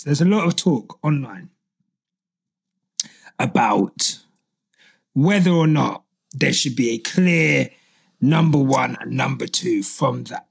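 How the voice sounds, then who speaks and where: A woman co-hosting a casual podcast, animated and swearing freely as she rants. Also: a bass voice, vocal fry, slightly rough. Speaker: podcast co-host.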